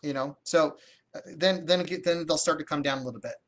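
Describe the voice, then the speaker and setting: This is a livestreamed real estate lesson where a man responds to viewer comments while coaching deals. He speaks fairly quickly in a slightly high voice, keeping things energetic and conversational and frequently starting his sentences over.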